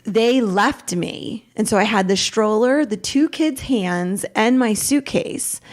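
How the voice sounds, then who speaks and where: A middle-aged woman, a podcast guest, telling a raw personal story in a rambling, animated way, acting out what each person said. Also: medium pitch, slow pace. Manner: rambling, animated retelling with quoted dialogue.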